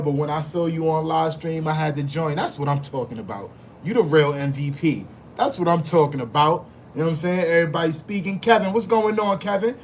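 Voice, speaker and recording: A man's voice: a little high, a little hiss or hum. A man hosting a casual live stream, hyped and slangy, greeting chat members by name and repeating his phrases. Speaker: livestream host.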